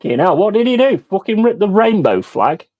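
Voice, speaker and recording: A man's voice: sits high, sing-song, fairly quick, darkish tone, lo-fi sound. A man hosting a football watch-along, ranting furiously with heavy swearing about refereeing decisions. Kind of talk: live football reaction commentary.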